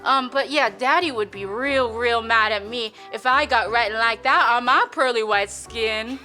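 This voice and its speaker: A woman's voice: fairly high pitch, normal speed, sharp tone, faint music behind. A woman putting on a chipper 1950s Minnesota housewife with an old-fashioned Minnesota accent, sweet and folksy, demonstrating a recipe in character. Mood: folksy, coy. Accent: put-on old-fashioned Minnesota. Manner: sweet, prim, folksy, with coy innuendo. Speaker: cooking show presenter in character. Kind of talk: comic character cooking demo.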